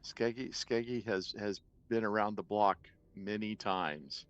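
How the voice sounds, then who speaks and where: A man playing a tabletop game, describing a character slowly with many hesitations. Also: on the low side. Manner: slow and hesitant, many pauses. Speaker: player.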